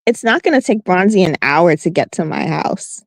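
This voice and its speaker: A woman's voice: on the low side, lively intonation, moderate pace, creaky, no room sound. A woman chatting casually on a live stream, making dry, sarcastic quips.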